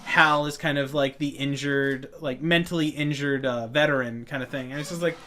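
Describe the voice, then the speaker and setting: A man's voice: mid-range voice, fairly even intonation, normal speed, few pauses, sharp tone, slight background noise. A man co-hosting a casual nerd podcast, rambling through comic-book talk with lots of fillers. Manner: rambling, filler-heavy, acts out quotes. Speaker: podcast co-host.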